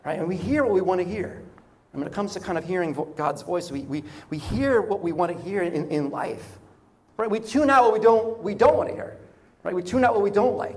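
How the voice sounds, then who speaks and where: A man preaching a conversational sermon, often checking in with "right?" and repeating words as he goes. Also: high-pitched. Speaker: pastor.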